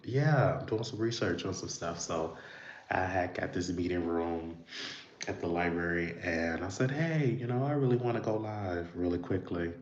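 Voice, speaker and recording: A man hosting a live stream from a library meeting room, speaking earnestly and haltingly while fighting back tears. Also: low-pitched, a bit bright. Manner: earnest, halting, with many restarts and fillers. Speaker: livestream host. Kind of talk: unscripted live reflection. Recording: roomy, dull lo-fi sound.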